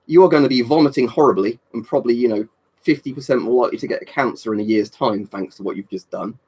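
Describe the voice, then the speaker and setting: A man's voice: mid-range voice, fast, a little mellow, slightly rough. A young man chatting casually on a live stream, rambling, swearing freely and answering viewers' comments. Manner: rambling, swears a lot, reads and answers chat.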